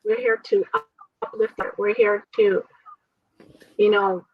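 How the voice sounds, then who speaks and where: Speaking at a measured pace, this woman has a mid-range, very animated voice with a breathy edge and no echo. She's a transplant survivor recounting her experience in an interview, earnest and faith-filled, laughing often. The sound is dull and dry, picked up by a far-off mic.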